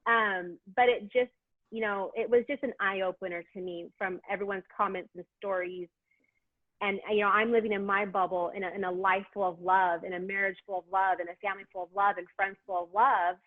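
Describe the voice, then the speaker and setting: A woman guest telling her story in a lively, emotional, casual way during an interview. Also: mid-range voice, no room sound. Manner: lively, emotional, quick asides. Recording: tinny phone line.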